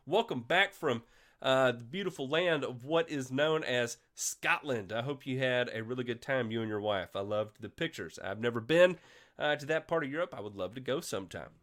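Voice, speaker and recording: A man hosting a casual livestream show, congested from a sinus infection, giving energetic shout-outs to viewers. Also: medium pitch, moderate pace. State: coughing.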